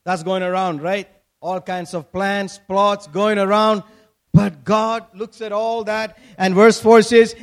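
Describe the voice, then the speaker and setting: A man from Kerala with an Indian accent, preaching an energetic sermon, shouting and laughing with playful asides. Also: sits high, slow.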